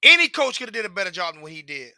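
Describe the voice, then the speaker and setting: Man, forties, high-pitched, exasperated profane rant, dry close recording. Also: big pitch swings, racing, bright, forceful tone, dry recording. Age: 40s. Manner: profane, repetitive, exasperated ranting. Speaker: sports fan commentator. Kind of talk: ranting fan commentary.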